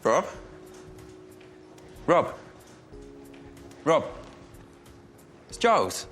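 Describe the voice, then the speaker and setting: An actor playing a friendly, helpful student in a sitcom. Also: male voice, on the high side, big pitch swings, drawn-out words, fairly bright tone, soft background music, full character voice. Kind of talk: sitcom acting.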